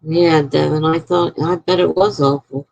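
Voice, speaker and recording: A woman's voice: low-pitched, steady tone, moderate pace, gravelly, darkish tone, lo-fi sound. A woman chatting casually on a live stream, telling a rambling story to her viewers and sounding tired.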